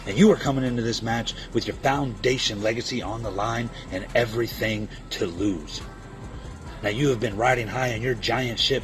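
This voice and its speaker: A man at an everyday middle pitch cuts a wrestling promo, boasting and taunting his rival with a steady stream of insults. Music sits faintly underneath his voice. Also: normal speed. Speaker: online wrestling league competitor. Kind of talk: trash-talking wrestling promo.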